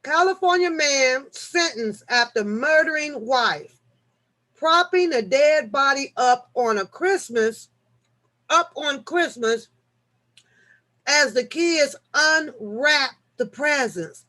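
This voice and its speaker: A woman hosting a casual live-stream chat, reading news articles aloud and joking back at her viewers, shifting from low mutters to loud laughing outbursts. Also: animated, slow pace. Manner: chatty, reads articles aloud, jokes with the chat.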